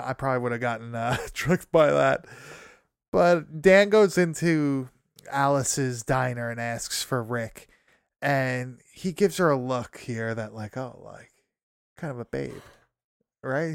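A man's voice: medium pitch, moderate pace, clean tone, dry recording, studio quality. A young man casually recapping a horror movie, swearing, laughing often and rambling through fillers.

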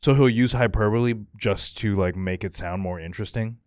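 A man co-hosting a podcast who rambles hesitantly, stopping often on "um" and "like". His voice is fairly low, and the sound is close and dry. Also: fairly quick, a little mellow, no room sound. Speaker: podcast co-host. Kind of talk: casual podcast banter.

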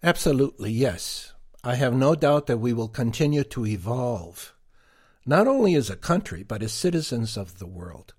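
A man co-hosting a podcast, giving prepared commentary in a deliberate, emphatic way. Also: medium pitch, sing-song, a little mellow, husky. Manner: slow, deliberate, emphatic delivery. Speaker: podcast co-host.

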